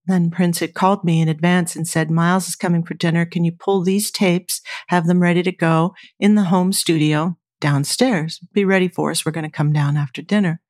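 Low-voiced woman telling vivid anecdotes. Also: no room sound, studio quality. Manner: lively anecdotal storytelling with quoted voices. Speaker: guest, former studio engineer and scientist. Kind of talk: interview storytelling.

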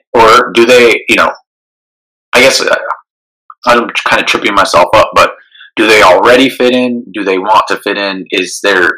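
A man's voice: lowish voice, sharp tone, rough recording. A man co-hosting a podcast, talking casually and thoughtfully, often stopping and restarting his sentences. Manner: thoughtful, halting, many restarts. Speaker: podcast co-host. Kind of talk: casual conversation.

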